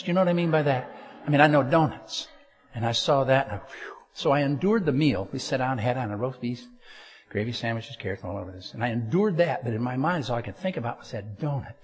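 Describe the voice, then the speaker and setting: A man preaching a humorous storytelling sermon, getting loud and excited and throwing jokey asides to a live audience in church. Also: mid-range voice. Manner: animated, gets loud and excited telling the story.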